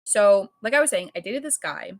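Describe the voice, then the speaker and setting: Medium-pitched and moderately paced, this young woman spins a lively story as a podcast co-host, packing her casual talk with "like" and plenty of swearing. Quoted lines get performed in a noticeably louder voice.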